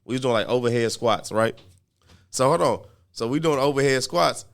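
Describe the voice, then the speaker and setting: A man's voice: mid-range voice, normal speed, creaky. A man co-hosting a podcast, retelling a story in casual chat with lots of profanity and acted-out quotes. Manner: animated retelling with heavy profanity, acts out quotes. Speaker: podcast co-host.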